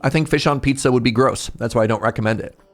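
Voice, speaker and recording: A male streamer in casual chat with his viewers, rambling and cutting himself off, with sudden animated outbursts. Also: medium pitch, fast, soft background music.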